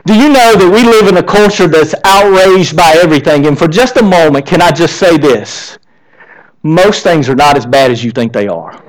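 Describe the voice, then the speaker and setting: A man's voice: a little high, normal speed, poor audio. A male pastor preaching a sermon, asking the congregation rhetorical questions. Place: church.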